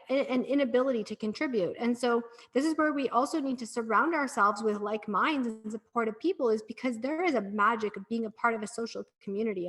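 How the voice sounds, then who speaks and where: A woman's voice: on the high side, a bit bright. A middle-aged woman, a breathwork practitioner, talking as a podcast guest in an earnest, encouraging storytelling manner. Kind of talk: casual podcast conversation.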